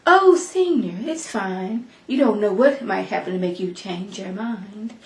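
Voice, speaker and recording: A woman imitating a shady, scheming woman who delivers a quiet, veiled threat. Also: medium pitch, animated, measured pace, far from the mic. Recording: echoey room.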